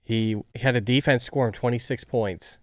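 A young man co-hosting a casual fantasy football podcast, giving relaxed, offhand takes. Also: medium pitch, normal speed, dry recording, clean studio sound.

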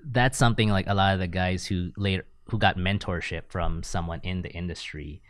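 A man's voice: deep voice, steady tone, brisk, dry recording, studio quality. A man co-hosting a podcast, telling stories in a chatty way and laughing often. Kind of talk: casual podcast chat.

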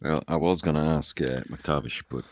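A man's voice: a bass voice, normal speed. A man playing a tabletop game, easygoing as he describes his character's actions. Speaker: player.

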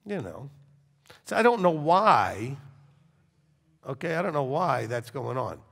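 Intense rabbi preaching in a hall. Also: male voice, very animated, a little slow, vocal fry. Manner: intense, swings from loud forceful bursts to quiet low talk. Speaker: rabbi teaching a congregation. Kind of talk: sermon.

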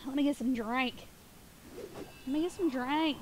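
A woman's voice: high voice, background noise. A woman live-streaming a game from home, chatting playfully and giggling, a little sniffly and groggy. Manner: playful and giggly, quick asides. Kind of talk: casual live-stream chat.

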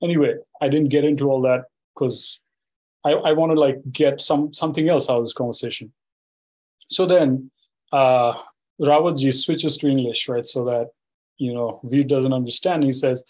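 A man's voice: medium pitch, fairly even intonation, normal speed, darkish tone, poor audio. Man telling a story in a lecture. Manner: conversational, peppered with "you know" and "right?". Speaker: university lecturer.

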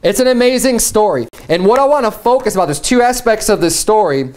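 A man with a fairly high speaking voice preaches a sermon with animated energy. He reads scripture aloud and briefly acts out the people in the story as he goes. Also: fairly quick. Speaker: pastor.

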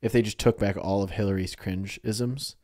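A man's voice: lowish voice, steady tone, moderate pace, a little mellow, dry recording, clean studio sound. A man co-hosting a casual podcast, rambling in loose chatty sentences. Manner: rambling, lots of "like" fillers. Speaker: podcast co-host. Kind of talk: casual chat.

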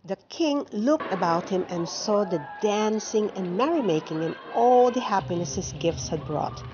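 A woman reading a children's picture book aloud in a slow, clear storytelling manner, with music playing behind. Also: mid-range voice, lively intonation, lo-fi sound. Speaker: storybook reader. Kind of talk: children's read-aloud narration.

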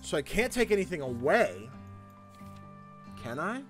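A man hosting a gaming channel, thinking out loud in goofy, excitable let's play commentary. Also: a little high, unhurried, faint music behind.

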